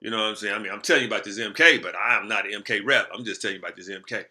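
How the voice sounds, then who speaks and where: A man telling a story to the camera in casual, slangy talk, lively and animated. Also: on the low side, racing. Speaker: motivational speaker.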